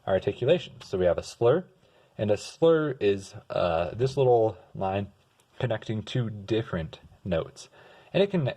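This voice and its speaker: A young man giving a casual music lesson, explaining terms in a relaxed way and singing short example notes. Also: lowish voice. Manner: relaxed, sings example notes and restarts words. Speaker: music tutor.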